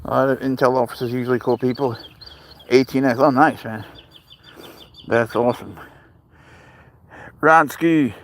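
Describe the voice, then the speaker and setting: A man's voice: medium pitch, little pitch movement, normal speed, long pauses. A man from Spain with a New York accent, hosting a casual livestream chat on a phone, rambling and blunt, swearing freely as he answers viewers. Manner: rambling, blunt and profane, greets viewers by name. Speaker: livestream host with pet serval. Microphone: phone camera.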